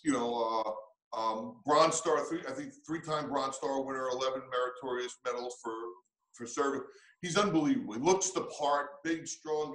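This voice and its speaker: A man's voice: medium pitch, fairly bright tone, reverberant, low-quality recording. A man who coaches, answering interview questions in an earnest, reflective way with frequent restarts.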